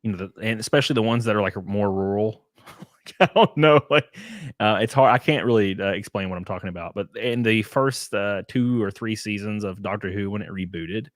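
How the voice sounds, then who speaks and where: Man, Southern American accent, casual livestream host, rambling, low voice, dry sound. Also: fairly quick, no echo. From Southern United States. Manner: laid-back, rambling, laughs often. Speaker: podcast host.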